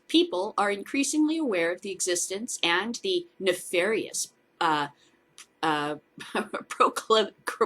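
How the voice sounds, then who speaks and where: A woman's voice: mid-range voice, a bit bright, breathy edge. A woman hosting a casual news commentary show, reading out stories and mocking them with sarcastic, swearing asides. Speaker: host of a cannabis news show.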